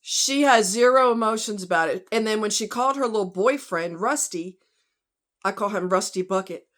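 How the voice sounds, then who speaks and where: A woman talks through a true crime case in casual, outspoken commentary. She speaks straight to her viewers, calling them y'all and honey. Her voice sits at an ordinary middle pitch. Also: moderate pace, a bit bright. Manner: blunt, outspoken, fired-up.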